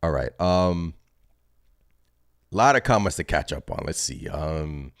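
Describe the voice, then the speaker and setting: A man hosting a basketball fan channel, reacting live in an excited, rambling way as he thinks aloud. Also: rumbling low, slow pace.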